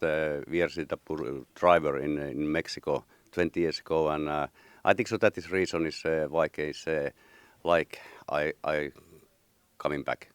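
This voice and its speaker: A Finnish man whose first language is not English, answering as a rally driver in halting speech, searching for his words. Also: rumbling low, smooth, dry recording. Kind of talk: interview answer.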